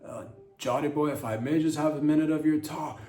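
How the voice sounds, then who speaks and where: A man voicing an earnest, concerned father who coaxes his son gently. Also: fairly high pitch, a little fast, echoey room, pitched above the performer's own voice, close to an everyday voice. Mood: coaxing. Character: earnest, concerned middle-aged dad.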